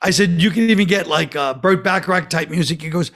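A man, a guest comedian, telling a story in casual talk and quoting others in a flat, low voice. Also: fast talker.

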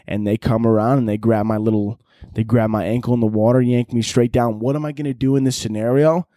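A man doing a crude, rambling comedy monologue as a podcast host, now and then shouting out other people's lines. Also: medium pitch, steady tone, fairly quick, no room sound, studio quality. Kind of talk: comedic monologue answering listener questions.

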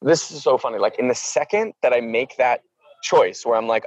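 Animated guy in his 30s telling a story, "like" every other word, dull dry mic. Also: mid-range voice, fairly quick, no echo. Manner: animated, acts out quoted voices; filler-heavy, says "like" a lot. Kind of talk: casual storytelling.

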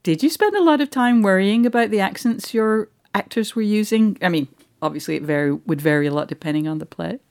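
A woman's voice: medium pitch, expressive, fairly quick, a little mellow. A woman with an English accent, co-hosting a podcast in casual, chatty conversation. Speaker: podcast co-host.

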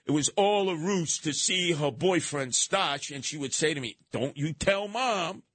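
A brash talk radio host, a man whose voice sits a little high. He rants in a sarcastic, combative way. The sound is close and dry, with no room around it. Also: normal speed, a bit bright, dry recording. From New York City.

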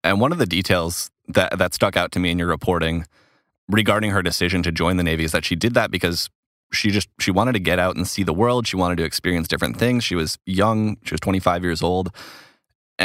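A man from Minnesota with a Minnesotan accent, hosting a crime podcast, narrating from a script and interviewing a guest in a measured, even way. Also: sits low, dry recording, studio quality. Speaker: podcast host.

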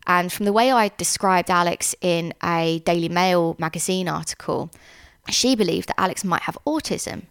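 A young woman giving an earnest personal account in an interview, halting often with ums and restarts. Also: on the low side, creaky, clean tone. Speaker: interviewee, sister of a convicted man.

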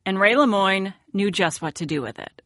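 A woman's voice: medium pitch, expressive, normal speed, music in the background. A woman from New England narrating a sports documentary podcast in a wry, personal scripted style.

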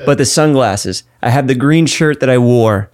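A man's voice: medium pitch, moderate pace, a little mellow, dry recording. Man in his thirties, dry close sound. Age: 30s. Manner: swearing, exasperated. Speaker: podcast co-host. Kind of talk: casual podcast banter.

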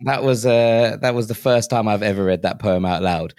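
A man's voice: on the low side, moderate pace, a little mellow, no echo. A man hosting a football podcast in an upbeat, conversational way. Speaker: podcast host.

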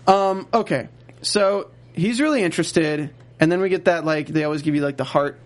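A young man co-hosting a casual podcast, recapping a show and slipping into quick character impressions. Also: a little high. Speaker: podcast co-host recapping a TV episode. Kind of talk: casual chat.

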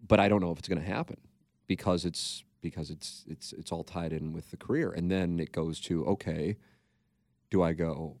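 A man's voice: low voice, steady tone, moderate pace, a little mellow, no echo, clean studio sound. A man co-hosting a podcast, talking in a rambling, candid way and swearing freely. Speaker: podcast co-host. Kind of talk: casual podcast chat.

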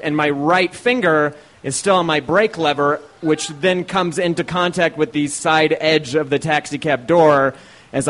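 A man's voice: a little high, fairly bright tone. A man telling a profane, comic story live on stage, laughing through it. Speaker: co-host and storyteller. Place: live show at a small venue.

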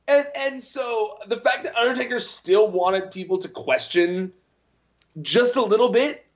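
A man's voice: high-pitched, unhurried, highs cut off. A man talking as a guest in a casual podcast chat, enthusiastic and full of fillers.

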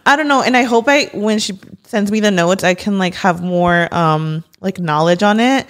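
A woman's voice: mid-range voice, moderate pace, fairly bright tone. A young woman co-hosting a podcast in casual chat, emotional and chatty, often calling her listener "girl". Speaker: podcast co-host. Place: podcast studio.

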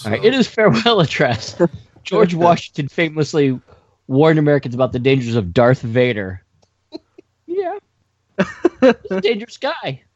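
A man's voice: on the high side, huge pitch swings, moderate pace, pauses often, no echo. A man reading game cards aloud and adding dry asides during a casual podcast game night. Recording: dry muffled podcast audio.

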